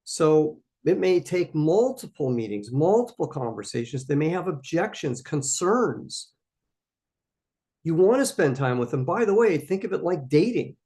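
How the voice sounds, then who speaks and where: A man's voice: fairly high pitch, big pitch swings, measured pace, darkish tone. A man hosting a live question-and-answer stream for startup founders, giving emphatic, coaching answers and repeating his key points.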